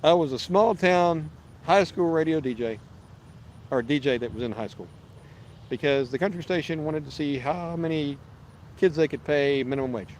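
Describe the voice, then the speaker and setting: Chatty man, fairly high voice. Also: normal speed, darkish tone, slight background noise. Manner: chatty, rambling, restarts often, talks to chat viewers. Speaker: fishing livestream host. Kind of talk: casual live-stream chat. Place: outdoors at a park lake.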